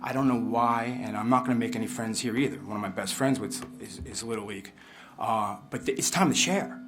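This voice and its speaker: Halting middle-aged man at a town meeting. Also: lowish voice, over music. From River Edge, New Jersey. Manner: halting with restarts, then emphatic. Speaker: resident speaking at public comment. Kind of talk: public meeting comment. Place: council meeting room.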